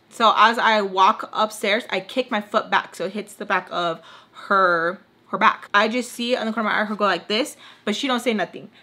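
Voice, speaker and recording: Bright-voiced young woman venting a story. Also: fairly high pitch. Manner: animated, exasperated, heavy use of "like". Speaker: vlogger. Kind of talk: casual storytime chat.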